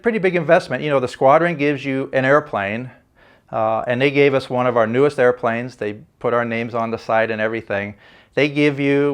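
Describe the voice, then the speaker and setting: Older male ex-pilot, smooth mid-range voice, unhurried interview storyteller. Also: medium pitch. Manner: relaxed anecdotal, many "uh" fillers. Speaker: retired Navy fighter pilot.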